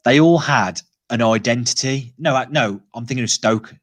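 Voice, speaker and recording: A man's voice: mid-range voice, moderate pace, no room sound. A man hosting a football podcast, chatting casually and hesitantly with many restarts. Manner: hesitant, lots of filler and restarts. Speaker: podcast host.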